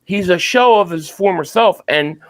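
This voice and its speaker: A man who is a guest on a sports podcast, arguing his points in a measured, casual way. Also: high-pitched.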